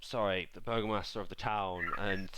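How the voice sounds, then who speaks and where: A man's voice: low-pitched, fairly even intonation, moderate pace, heavy background noise, lightly acted. A man voicing a desperate young man, the son of a dead village mayor, pleading and stammering.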